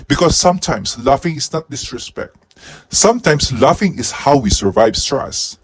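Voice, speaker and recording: A man giving a comic movie review in a husky head costume, with deadpan jokes and sudden outbursts. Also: medium pitch, normal speed. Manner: speaking while wearing a husky head costume.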